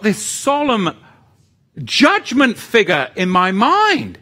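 A man preaching a sermon, animated and asking his congregation rhetorical questions, swinging between loud exhortation and hushed asides. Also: high voice, slow.

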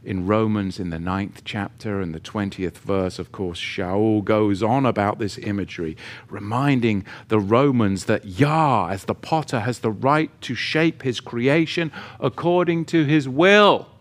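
A man's voice: lowish voice, measured pace. A man teaching through a Bible chapter verse by verse in a conversational way, with joking asides, reading scripture with emphasis.

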